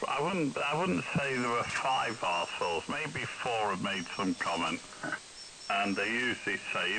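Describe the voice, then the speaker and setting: A man's voice: on the low side, animated, unhurried. An older man with an English accent, chatting bluntly and plainly as an amateur radio operator. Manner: blunt, plain-spoken, mild swearing. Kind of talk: casual radio chat. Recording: noisy amateur radio signal.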